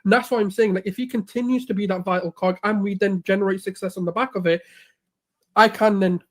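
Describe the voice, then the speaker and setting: A man argues a football opinion in a discussion clip, pushing his point with one hypothetical after another. He talks very quickly in a high voice. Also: fairly even intonation. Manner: insistent, piles up hypotheticals.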